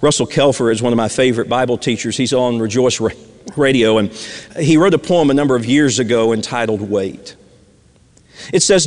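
A man's voice: medium pitch, fairly quick. A man preaching a sermon, earnest and repeating phrases for emphasis. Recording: long reverb of a large hall.

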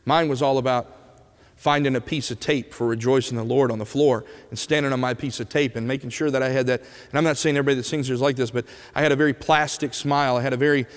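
A man preaching a sermon as an animated storyteller who swings from loud bursts to hushed moments, in a church sanctuary. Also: mid-range voice, fast talker, in a large hall.

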